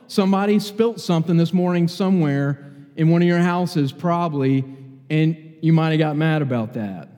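A man's voice: a little high, dark tone. A man preaching a sermon, telling anecdotes and acting out what people said in different voices. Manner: storytelling, acts out quotes in varied voices. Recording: long hall reverb.

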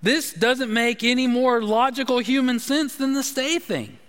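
A man's voice: very high voice, animated, unhurried, fairly bright tone, clean tone. A man preaching a sermon as pastor, emphatic and repetitive, often restarting his phrases. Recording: long hall reverb.

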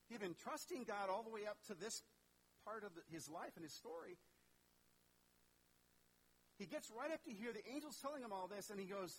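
A man's voice: sits high, fairly bright tone, slight background noise, low-quality recording. A man preaching a sermon in a conversational way, asking questions and acting out the characters in the story. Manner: conversational, asks the audience questions, acts out voices. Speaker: pastor.

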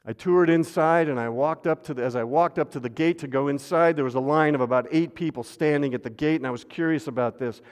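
A man's voice: fairly high pitch, fairly quick, hardly any pauses. Preaching man with a ringing hall echo. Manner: dramatic swings between loud refrains and hushed asides; calls on the congregation to repeat a refrain. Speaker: pastor. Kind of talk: sermon. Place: church sanctuary. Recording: long hall reverb.

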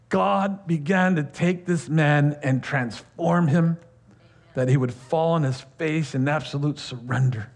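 Male pastor, conversational sermon delivery, animated and chatty, slightly high pitch. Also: slow pace, long pauses. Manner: conversational and animated, with laughter and many fillers.

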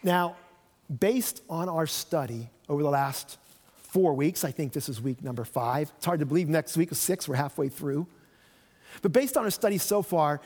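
Pastor guy with a high voice telling a bible story, lots of hall echo. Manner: storytelling, acts out voices of biblical figures. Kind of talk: sermon. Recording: long reverb of a church hall.

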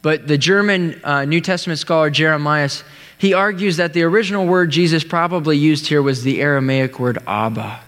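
A man preaching a sermon, telling a story in an earnest way, with pauses and restarts. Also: fairly high pitch, fairly bright tone, smooth. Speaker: pastor. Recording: long hall reverb.

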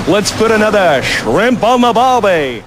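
A goofy fake Australian. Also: male voice, high-pitched, heavily acted. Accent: mock Australian. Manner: laughing, hammy. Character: goofy man faking a jolly Australian accent. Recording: noisy film clip played in church.

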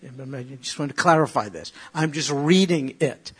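A middle-aged man from New York with a New York accent, preaching and teaching from the Bible with animated, joking asides to his congregation. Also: fairly high pitch, normal speed, breathy edge. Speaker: pastor.

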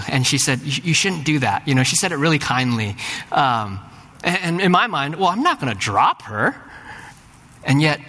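A middle-aged man preaches a sermon with a slightly raised pitch. His delivery is earnest, often doubling words at the start of a thought, and climbs to fervent peaks. The voice rings out with a long hall reverb from a church sanctuary. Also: bright, forceful tone. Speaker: pastor.

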